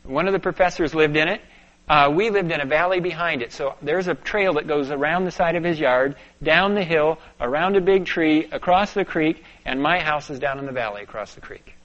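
Storytelling preacher, muffled lo-fi sound. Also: male voice, a little high, brisk. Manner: storytelling, dropping to hushed tones and rising to urgent bursts. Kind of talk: sermon with personal story. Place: church sanctuary. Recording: dull lo-fi sound.

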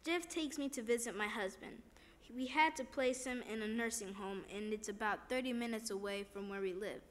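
A woman's voice: a little high, moderate pace, natural voice. A woman reading as a cheerful, frail old woman. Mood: chatty.

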